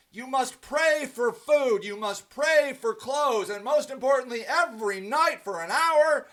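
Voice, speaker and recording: A man with a high-pitched voice hosts a livestream and rants to his viewers. He is angry and swears often, breaking off into ums and restarts as he answers their comments. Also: pushed and bright. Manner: profane, angry and emphatic, with frequent ums and restarts. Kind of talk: ranting livestream monologue.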